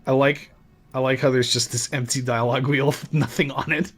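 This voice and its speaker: A man's voice: mid-range voice, flat delivery, fairly quick, a bit bright, husky. Male host, mid-range voice, dry commentary over gameplay. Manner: dry, musing remarks while playing. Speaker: host playing the game. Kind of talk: let's play commentary.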